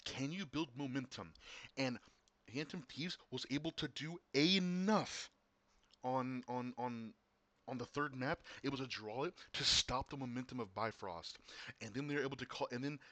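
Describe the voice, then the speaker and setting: A man casting an esports match, excitable, often repeating and restarting words, his voice getting worn. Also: medium pitch, moderate pace, no echo. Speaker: esports caster. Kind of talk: casual esports commentary.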